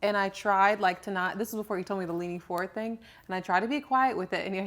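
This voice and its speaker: A woman's voice: mid-range voice, fast talker, hardly any pauses. Candid giggly young woman chatting. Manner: candid, giggly, animated storytelling. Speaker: podcast co-host, personal trainer. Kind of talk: casual chat.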